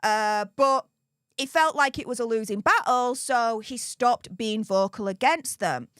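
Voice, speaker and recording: A woman, hosting a casual livestream and teasing her audience in a lively, mocking way. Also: on the high side, a little slow, clean tone, dry recording, clean studio sound. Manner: animated and mocking, gleefully teasing. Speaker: livestream host. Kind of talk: casual live commentary.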